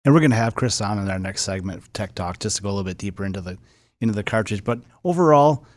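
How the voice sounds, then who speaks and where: A man's voice: lowish voice, expressive, fast. A man hosting a podcast, steering the talk with questions. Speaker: podcast host. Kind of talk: casual podcast chat.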